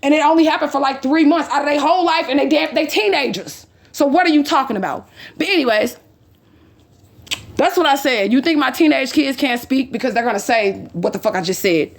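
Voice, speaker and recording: High-pitched woman vlogger, heated and profane, retells a quarrel line by line. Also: a little fast, creaky. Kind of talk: angry personal storytelling.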